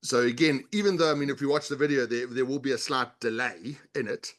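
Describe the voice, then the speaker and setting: A middle-aged man speaking as an interview guest at an ordinary pitch. He teaches in a steady, instructive way, walking through everyday examples and demonstrations. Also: fairly quick. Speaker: guest, body language author and leadership coach. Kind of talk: explanatory interview talk.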